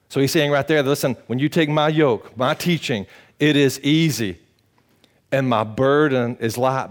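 A male pastor preaches a sermon, swinging between loud, high-pitched exclamations and quiet, low appeals. He tosses casual rhetorical questions to the congregation.

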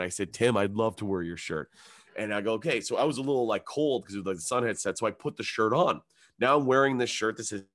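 A man's voice: fairly low pitch, animated, brisk, a bit bright, dry recording, clean studio sound. A man from Canada, a comedian, telling a long anecdote in casual chat. He swears often and acts out other people's lines in raised voices.

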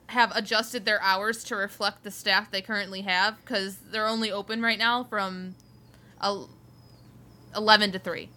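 A woman's voice: mid-range voice, flat delivery, measured pace, pushed and bright. A young woman from Buffalo with a Western New York accent, co-hosting a podcast, blunt and sassy, swearing casually. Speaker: podcast co-host. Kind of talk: casual chat.

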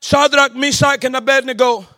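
A man preaching a sermon, telling a family story in a low, quiet voice and then rising into shouted exhortation. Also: fairly even intonation, normal speed.

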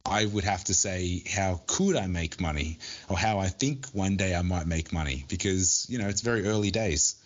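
A man's voice: deep voice, normal speed, few pauses. A man co-hosting a podcast in casual chat, joking and restarting his sentences often. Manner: joking, restarts often, laughs at own jokes. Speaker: podcast co-host.

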